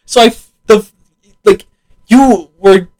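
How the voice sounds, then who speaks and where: A man's voice: high-pitched, slow, a little mellow, rough recording. A young man co-hosting a casual podcast about video games, laughing often, swearing freely and acting out game dialogue. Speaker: podcast co-host.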